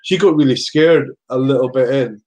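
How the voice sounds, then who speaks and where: A middle-aged man with a Scottish accent, talking loosely about a film as a podcast guest. His voice sits at an ordinary pitch, and he rambles, swears freely and breaks into laughs. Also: normal speed, darkish tone. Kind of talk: casual film-watching chat.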